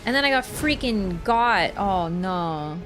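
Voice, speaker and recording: A young woman with a Canadian accent talks through a video game run and chats with her viewers as she goes. Her voice rises and falls in an animated way. Game music plays behind her. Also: medium pitch, slow pace. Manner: chatty, answers chat between fights. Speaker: streamer. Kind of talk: live game commentary.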